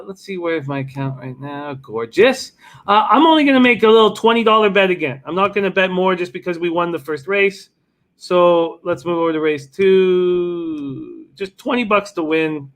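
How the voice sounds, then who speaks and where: Guy hosting a betting show live, kinda high voice, loose and swearing a bit. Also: a bit bright. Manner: loose, swears casually, talks while placing bets. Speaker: sports betting radio host. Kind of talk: casual live show chat.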